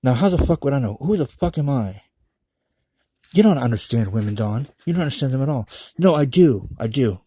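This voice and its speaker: Male storyteller, mellow voice, dry close sound, rambling and profane. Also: mid-range voice, expressive, a little fast, breathy edge, dry recording. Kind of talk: casual personal storytelling.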